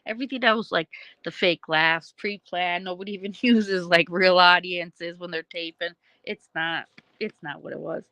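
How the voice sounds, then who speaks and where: A woman's voice: fairly low pitch, steady tone, moderate pace, sharp tone, no room sound, poor audio. Rambling woman chatting on a livestream. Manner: laughs often, swears, trails off mid-sentence. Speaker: livestream host. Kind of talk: rambling casual chat.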